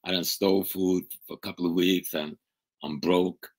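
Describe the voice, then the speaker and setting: Older man with a low, husky voice. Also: fairly even intonation, normal speed, low-quality recording. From United States. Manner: emphatic, dramatic storytelling with loud bursts. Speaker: guest. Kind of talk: storytelling in a conversation. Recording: video call interview.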